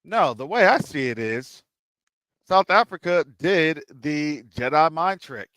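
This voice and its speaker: Man hosting a talk show, firing off rhetorical questions, clear smooth voice a bit high. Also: animated, takes it slowly, a bit bright, no echo. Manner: rhetorical, repeats questions, drops into asides. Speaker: show host. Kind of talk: political commentary.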